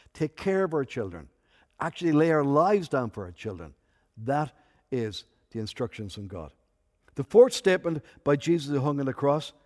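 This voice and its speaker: Pastor guy preaching, kinda high voice, goes quiet then loud, long hall echo. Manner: rises to loud emphatic peaks, drops to soft intimate asides. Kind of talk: sermon.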